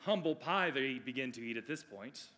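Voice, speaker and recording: A man preaching a sermon, moving between loud declarations and hushed, drawn-out phrases. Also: medium pitch, lively intonation.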